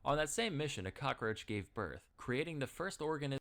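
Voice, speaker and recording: A man giving a deadpan, scripted comedic narration. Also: a little fast. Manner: dry, deadpan delivery with lively pitch. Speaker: narrator of a comedy history video.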